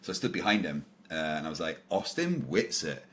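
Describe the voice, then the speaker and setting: A man's voice: rumbling low, big pitch swings, fairly quick, fairly bright tone, slight background noise. A man, a podcast guest casually retelling a confrontation, acting out the dialogue with lots of ums and restarts. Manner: retells encounters with quoted dialogue, many fillers and restarts. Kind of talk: casual storytelling in an interview.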